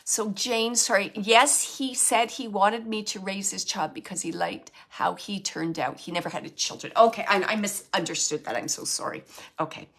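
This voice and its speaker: A woman works as a medium, giving readings to an audience member. Her voice is bright and forward, and she talks in stops and starts, with plenty of fillers, as she relays what she hears. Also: mid-range voice. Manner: halting, filler-heavy, relays spirit's words.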